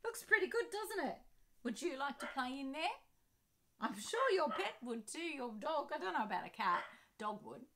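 Woman author reading aloud for kids, bright, highly animated, asks questions. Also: moderate pace, a little hiss or hum. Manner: animated, asking listeners questions.

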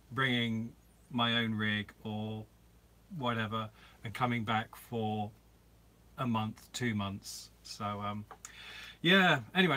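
Bright-voiced chatty man on a live stream. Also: medium pitch. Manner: chatty, rambling, greets viewers by name. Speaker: vlogger hosting a live Q&A. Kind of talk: casual live-stream chat. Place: inside a camper van.

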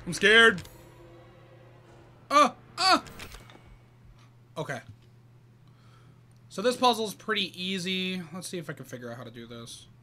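A man live-streaming a game talks casually to his chat, greets viewers by name and thinks aloud. His voice is high and very bright and sharp. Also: very animated, normal speed, pauses often, slight background noise.

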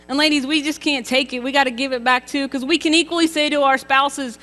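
Bright-voiced woman preaching in a reverberant church. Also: high-pitched, expressive, quick pace. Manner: chatty and emphatic, with rhetorical questions to the congregation. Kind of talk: contemporary church sermon. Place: church sanctuary. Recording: reverberant church hall with faint music.

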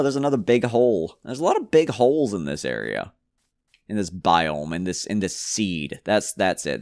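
A man's voice: sits low, no room sound, clean studio sound. A man giving casual gameplay commentary, rambling and joking to himself with frequent stumbles. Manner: rambling, jokey self-talk with stumbles. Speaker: gamer.

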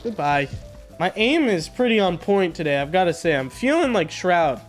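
A man's voice: sits high, very animated, moderate pace, faint music behind. A young man giving casual gameplay commentary, laid-back and joking, with a self-mocking tone. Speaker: gaming video host.

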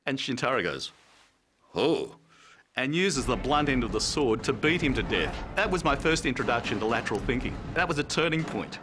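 A man recounting a memory outdoors, with a lively, wide-ranging pitch. Traffic and street noise are clearly heard behind him. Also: fairly quick, few pauses. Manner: animated storyteller who acts out scenes. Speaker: interviewee. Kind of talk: anecdote in an interview.

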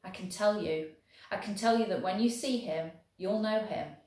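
A woman voicing a gentle, devoted young male soldier who talks soothingly to a horse. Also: medium pitch, normal speed, close to an everyday voice. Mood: earnest. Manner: soft, soothing talk to a horse. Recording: very echoey room.

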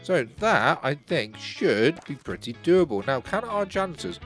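Lively man commenting on a game. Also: fairly high pitch, measured pace, faint music behind. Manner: chatty, exclaiming and talking to game characters. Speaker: gaming channel host. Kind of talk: let's play commentary.

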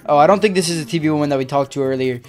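A woman narrating a game role-play casually, in an excitable, slangy way, often yelling in alarm. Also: low voice, racing, faint music behind. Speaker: gaming video creator.

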